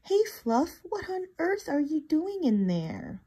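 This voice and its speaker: A woman voicing a young male elephant who pretends to be a bunny, speaking gently and earnestly. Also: high voice, very animated, slow, voice pushed up, exaggerated voice.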